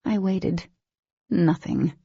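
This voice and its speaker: A woman narrating an audiobook in first person, with an expressive reading and a husky, creaky voice. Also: on the low side, extremely slow, no echo, dull audio.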